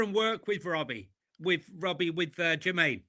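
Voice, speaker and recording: A man's voice: on the high side, lively intonation, normal speed, sharp tone. A man co-hosting a football podcast, teasing his partner in playful casual chat. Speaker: podcast co-host.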